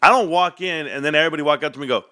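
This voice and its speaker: A man's voice: fairly high pitch, very fast, sharp tone, dry recording, studio quality. A man in his forties rambling and joking to his viewers in a casual rant. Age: 40s. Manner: rambling, joking, tangent-prone. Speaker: stock market vlogger.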